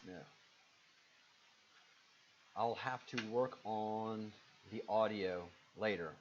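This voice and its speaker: A man's voice: drawn-out words, a little hiss or hum. A man with a Southern accent hosting a live stream, reading out viewer comments and answering them casually with lots of fillers. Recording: muffled low-fidelity stream audio.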